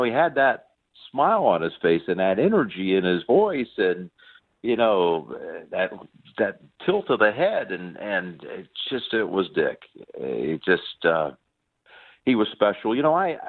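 A man recalls old colleagues in a relaxed, anecdotal way, voice sitting low. He is heard through a narrow, phone-like line, as a call-in guest on a sports show. Fillers and restarts run through his telling. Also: a little slow. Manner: warm anecdotal storytelling with many fillers. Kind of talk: phone interview, reminiscing.

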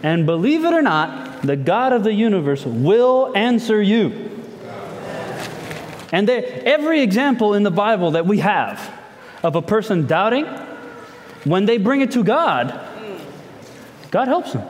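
A man's voice: high voice, big pitch swings, measured pace, long pauses, in a large hall. A male pastor giving a sermon, talking conversationally and asking the listeners lots of rhetorical questions.

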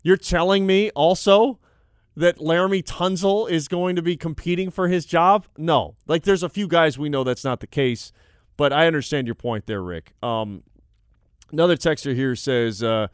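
A man's voice: on the high side, smooth, no room sound, studio quality. A young adult man hosting a sports radio show, reading listener texts aloud and reacting in a casual, conversational way.

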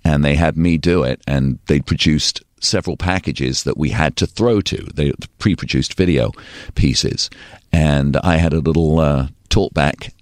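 An English man, a guest in a podcast interview, telling lively anecdotes and acting out the voices of the people he quotes. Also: rumbling low, a little slow, dry recording, clean studio sound. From England. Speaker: guest, radio and TV personality.

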